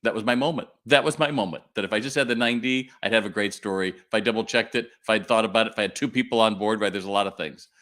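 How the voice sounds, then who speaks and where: An older man with a slightly low voice hosts a live webinar. He tells his stories in a chatty, animated way and acts out the people in them. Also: fast, few pauses. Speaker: retail sales trainer and webinar host.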